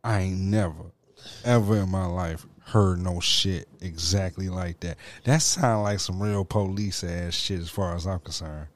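A man's voice: sits low, steady tone. A man co-hosting a podcast in a studio, reacting with profane disbelief in casual banter. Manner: incredulous reacting, profane, drawn-out. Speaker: podcast co-host.

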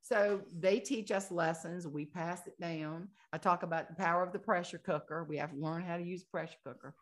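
A woman with a Southern American drawl and a slightly low voice, talking as a guest author in an interview. She tells folksy stories with plenty of animation and often laughs her way through the punchlines. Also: fairly even intonation, fairly quick. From Southern United States. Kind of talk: casual storytelling interview.

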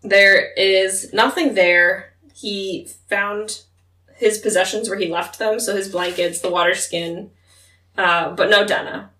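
A woman talks through a book with a friend in a relaxed, chatty way, slipping into characters' voices as she retells scenes. Her voice sits a little back from the microphone in a roomy, echoing space. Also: medium pitch, takes it slowly, distant mic. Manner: chatty recapping, acts out characters' lines with laughter. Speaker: podcast co-host. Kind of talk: casual book discussion. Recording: roomy echo, voice set back from mic.

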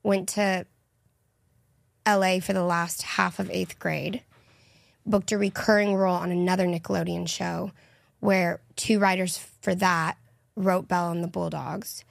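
A woman's voice: fairly low pitch, flat delivery, unhurried, gravelly, no echo. A young woman from Texas, a podcast guest chatting casually and teasing the hosts. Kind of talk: casual chat.

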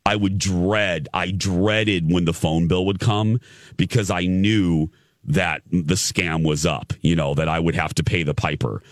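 A man's voice: deep voice, steady tone, measured pace, dry recording, clean studio sound. A middle-aged man from Indiana hosting a radio show, telling a story in casual chat with stammered restarts and laughter at himself.

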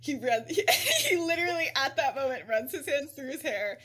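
A woman's voice: high voice, lively intonation, brisk, a bit bright. A woman hosting a podcast, retelling a story in a casual, giggly way with many filler words. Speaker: podcast host.

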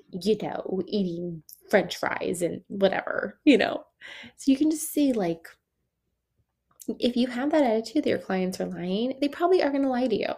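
Young woman podcast host, chatty, lots of vocal fry, acts out little dialogues. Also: medium pitch, moderate pace. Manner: chatty and animated, many "like"s, laughs often, acts out quoted dialogue. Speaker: podcast host, esthetician coach. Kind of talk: casual solo podcast talk.

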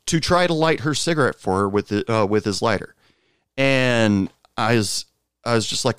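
A man casually telling a long personal anecdote, rambling with fillers and asides, jumping up in pitch when quoting others. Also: normal speed, fairly bright tone, smooth, dry recording, clean studio sound. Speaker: storyteller.

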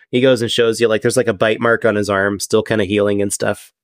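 A man's voice: on the low side, level tone, fast, no echo, clean studio sound. A man narrating a tabletop game as game master in a casual, filler-heavy way.

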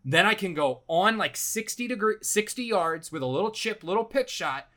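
A man tells a casual story in a bright, somewhat high voice. He rambles and swears freely, piling up "I'm like"s as he gets worked up. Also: expressive, moderate pace, hardly any pauses. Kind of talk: casual anecdote.

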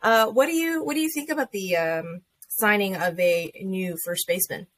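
Woman host, animated chat, acts out quotes. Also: medium pitch, moderate pace. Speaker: podcast host. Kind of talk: casual chat.

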